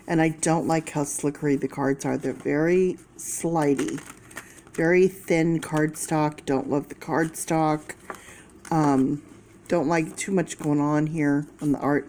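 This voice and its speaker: A woman's voice: sits low, dark tone, a little hiss or hum. A woman giving a chatty, casual tarot reading to her viewers. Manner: slow, chatty, talking to viewers. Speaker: tarot reader.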